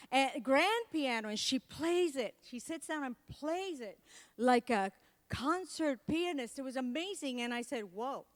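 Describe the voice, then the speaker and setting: A middle-aged woman with a Puerto Rican accent tells stories in a comedic motivational keynote, teasing herself and tossing asides to the crowd. Her voice sits a little high for a woman, and the sound is close and dry with hardly any room around it. Spanish is her first language. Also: no echo. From Puerto Rico. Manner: playful, self-mocking storytelling with asides to the audience. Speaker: keynote speaker. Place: event hall.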